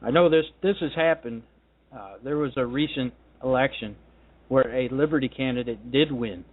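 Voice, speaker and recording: A man's voice: medium pitch, normal speed. A man hosting a political talk radio show, delivering a combative, ranting monologue. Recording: tinny phone-line sound.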